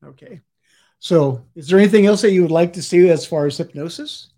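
High-voiced hypnotist man, coaxing and repetitive. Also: fairly quick. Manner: repetitive, insistent suggestions, shifting between loud and hushed. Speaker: stage hypnotist. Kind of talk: live hypnosis demonstration.

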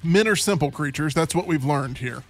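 A man's voice: a little high, normal speed, faint music behind. A man hosting a casual chat show, telling stories animatedly and acting out what people said. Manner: animated storyteller who acts out quotes. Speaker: host.

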